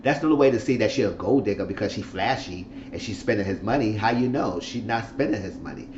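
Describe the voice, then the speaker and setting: A man giving a casual recap of a reality-show episode. He talks in an animated way and acts out the people he quotes. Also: fairly low pitch, quick pace, reverberant, dull audio, a little hiss or hum. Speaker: YouTube reality-show reviewer.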